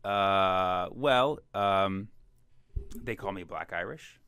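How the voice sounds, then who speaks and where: A man's voice: deep voice, drawn-out words, sharp tone, clear, resonant tone, no room sound. A man hosting a comedy podcast, laughing often and asking his guest probing questions. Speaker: podcast host. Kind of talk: casual podcast banter.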